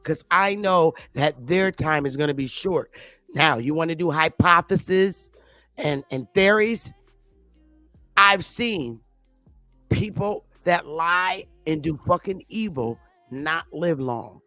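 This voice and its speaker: A woman's voice: deep voice, slow, pushed and bright, dry recording, soft background music. A woman ranting in an unscripted opinion monologue, blunt and defiant, swearing heavily and repeating her points for emphasis. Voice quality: defiant, combative delivery. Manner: blunt, heavy profanity, emphatic repetition. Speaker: commentary vlogger.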